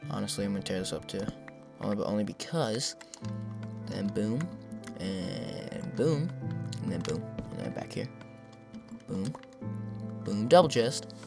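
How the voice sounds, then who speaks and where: A man's voice: lowish voice, vocal fry. Chatty young man narrating his gameplay. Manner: chatty, self-mocking, talks to himself and the viewers; excitable outbursts at game characters. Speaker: gameplay commentator. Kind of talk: casual gameplay commentary. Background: background music.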